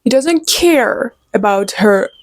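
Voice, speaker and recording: Young woman in her twenties, book vlogger, casual and opinionated, higher voice, unhurried, dry close sound. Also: dry recording. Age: 20s. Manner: animated, opinionated, talks to viewers directly. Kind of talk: casual chat.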